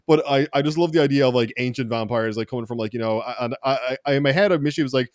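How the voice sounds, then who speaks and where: A man with an Irish accent, a podcast guest in casual chat, swearing freely as he tells a long, animated story. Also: mid-range voice, racing, no echo, studio quality. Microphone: desk mic in front of a camera with a teleprompter.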